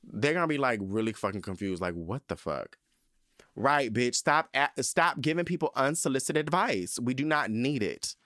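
A podcast host with a lively, mid-range, fairly bright voice rants at a moderate pace in a casual, sassy and profane way, leaning heavily on emphasis. The studio sound is clean with no room echo.

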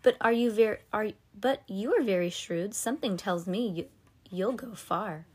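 A woman voicing a cold, glamorous, commanding woman in a storybook reading, condescending and smooth. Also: mid-range voice, normal speed, natural voice. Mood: icy.

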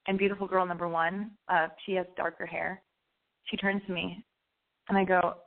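A woman telling a comic story in an animated, rambling way, full of restarts and asides. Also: on the low side, brisk. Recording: tinny phone-like sound.

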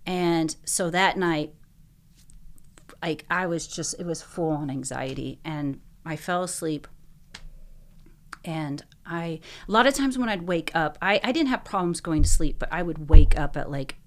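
Deep-voiced young woman, interview guest, earnest, lots of "like", talks in quick bursts. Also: expressive, a little hiss or hum. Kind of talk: personal story in an interview.

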